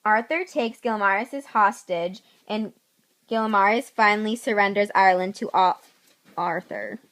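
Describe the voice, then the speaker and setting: A woman's voice: mid-range voice, normal speed, a bit bright, rough recording. A young woman narrating a student history video project in a plain reading voice. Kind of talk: amateur school video narration.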